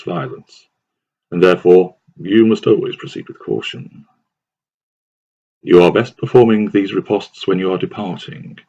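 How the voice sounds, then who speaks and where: Deep gravelly man reading scripted advice. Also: dark tone. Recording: dull lo-fi recording.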